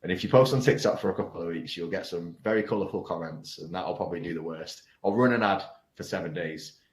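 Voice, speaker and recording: Blunt, deep-voiced man. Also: quick pace. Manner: blunt and sweary, frank and conversational. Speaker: guest, online coaching business owner. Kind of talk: casual podcast interview. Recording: roomy echo.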